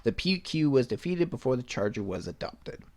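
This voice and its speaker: Blunt, sarcastic podcast host. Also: male voice, mid-range voice, sing-song, normal speed, darkish tone. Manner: blunt, sarcastic, swears freely. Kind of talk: solo opinion podcast, reading news and ranting.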